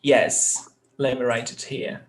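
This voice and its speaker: A man's voice: medium pitch, little pitch movement, slow pace, a little hiss or hum. A man, teaching a language class and patiently repeating example words. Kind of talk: live online class.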